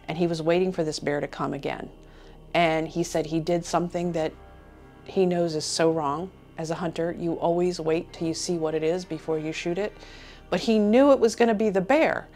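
A woman in an interview, telling a story she heard in a casual, earnest way. Her voice sits on the lower side, and she keeps slipping into the voice of the man she is quoting. Faint music plays underneath. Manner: earnest retelling that slips into quoting others.

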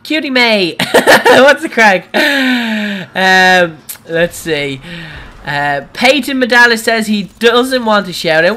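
An Irish woman livestreaming gameplay, giggling often and breaking into excited squeals and shouts. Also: medium pitch, slow. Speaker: gaming livestreamer. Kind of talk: live gameplay commentary.

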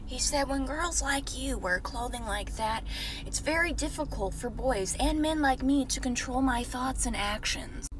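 A woman with a high voice tells a storytime in a sarcastic, dry way, now and then sinking into a whisper. There is plenty of noise behind her on the phone recording. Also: unhurried. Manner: sarcastic, dips into whispered asides. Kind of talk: casual storytime to camera.

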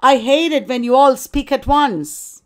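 A woman's voice: sits high, a little slow, clear, resonant tone. A lecturer reading as a bossy, scolding woman overseer. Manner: domineering, scolding.

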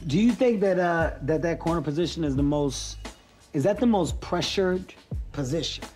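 Animated man telling a story. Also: on the high side, normal speed, faint music behind. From Philadelphia. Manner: animated, acts out voices in his stories. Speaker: host. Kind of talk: comedic storytelling.

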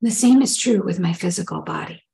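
A woman's voice: fairly low pitch, lively intonation, brisk, creaky, dark tone, poor audio. A middle-aged woman giving a spoken spiritual teaching in an earnest, reflective way, sometimes acting out inner dialogue.

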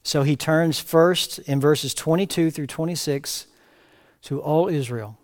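A man preaching a verse-by-verse sermon as pastor, reading scripture aloud with rising emphatic cries and then dropping to quiet asides. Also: a little high, unhurried. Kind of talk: expository sermon. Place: church sanctuary.

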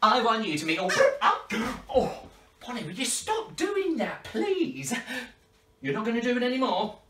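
A woman hosting a children's party show, playful and high-energy with lots of laughter. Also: big pitch swings, normal speed, noisy background. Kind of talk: lively children's show patter. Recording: echoey room, distant mic, faint music.

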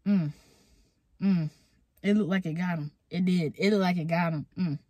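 A woman vlogger reacting to a fight video in casual, excitable commentary, with loud exclamations, laughter and lots of swearing. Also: on the low side, normal speed, dry recording. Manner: swears freely, talks to viewers directly.

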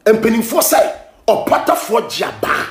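A Ghanaian man hosting a gossip show, ranting and scolding in heated commentary, often shouting, switching between Twi and English. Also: sits high, sing-song, measured pace, reverberant.

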